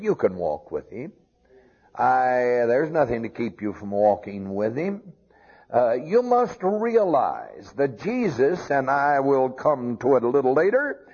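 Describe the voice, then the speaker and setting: Husky lo-fi preacher, slow and lively. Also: male voice, medium pitch. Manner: rising to emphatic peaks, quoting scripture. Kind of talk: sermon. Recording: dull lo-fi recording.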